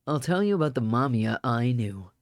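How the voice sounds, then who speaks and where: A man voicing a detached tall young man in a visual novel, speaking flatly and evenly. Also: mid-range voice, normal speed, no echo, clean studio sound, voice pushed down, close to an everyday voice. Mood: calm.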